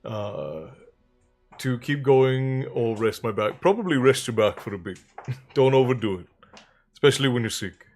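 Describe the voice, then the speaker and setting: A man's voice: mid-range voice, lively intonation, moderate pace, soft background music. A man hosting a livestream, chatting in a rambling, friendly way with viewers between stretches of reading aloud. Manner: rambling, chatty, greets viewers warmly by name. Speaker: livestream storyteller and host. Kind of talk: casual livestream chat and book reading.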